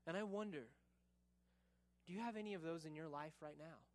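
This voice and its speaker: A man preaching a sermon, telling a story and acting out quotes, then dropping to a quiet, searching tone. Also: a little high, normal speed, pauses often. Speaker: pastor.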